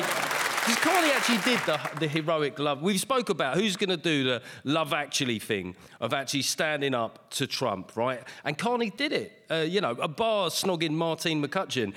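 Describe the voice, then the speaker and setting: Brief: man, comic panelist, playful mimicry, animated delivery; noisy, reverberant recording. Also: fairly high pitch, normal speed, over a noisy crowd. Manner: jokey, mimics politicians with mock-grand voices. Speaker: comedy panelist. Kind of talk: comic riffing on the news.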